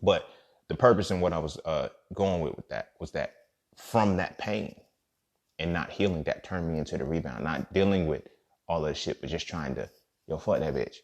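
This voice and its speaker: Speaking at normal speed in a very deep voice, a podcast host tells a personal story casually, using slang and profanity and frequently checking in with "you feel me."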